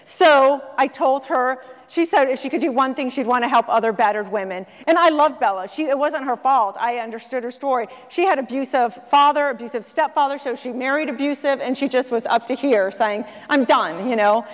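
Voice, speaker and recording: A woman with a high voice tells a story from the stage of a large conference hall. She acts out the voices of the people she quotes, and the sound rings with a long hall reverb. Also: a little fast, hardly any pauses. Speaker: speaker at a conference. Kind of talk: storytelling talk to an audience.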